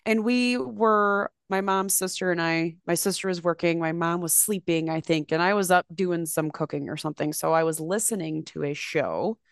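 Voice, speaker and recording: Woman, low-pitched, dry close sound, casual podcast chat, animated storytelling. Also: clear, resonant tone, no room sound. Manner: animated, swearing, acts out quotes in a high voice. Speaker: podcast co-host.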